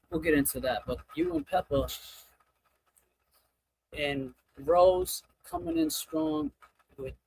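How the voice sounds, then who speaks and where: A man's voice: on the high side, vocal fry, slight background noise, rough recording. A man hosting a casual livestream, reading out super chats and thanking viewers by name, stressed and overwhelmed. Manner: animated, thanking viewers one by one. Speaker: livestream host.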